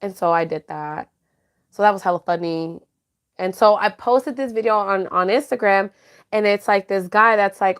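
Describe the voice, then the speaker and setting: Woman, young adult, podcast co-host, casual chatty talk, laughs a lot, mixes in Spanish words, mid-pitched voice. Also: moderate pace. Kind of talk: casual chat reading live comments.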